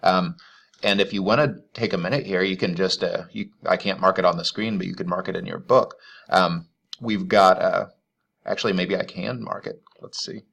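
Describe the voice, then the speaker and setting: Low, gravelly-voiced man teaching. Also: fairly even intonation, moderate pace, a bit bright, dull audio. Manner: thinking aloud, loose and conversational. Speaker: literature teacher. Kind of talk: informal recorded lecture.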